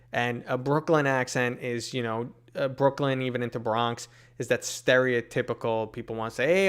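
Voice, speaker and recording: A man's voice: mid-range voice, fairly bright tone, smooth. A man from New York City with a New York accent, casually answering live chat questions, full of fillers and tangents. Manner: rambling, many fillers, reads chat aloud.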